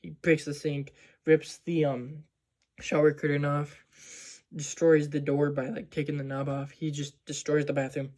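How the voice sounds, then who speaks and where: A man's voice: fairly high pitch, monotone, moderate pace, a little mellow. A man casually recapping a movie scene by scene, rambling with lots of "like" and "um". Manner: rambling, full of "like" and "um". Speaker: movie vlogger.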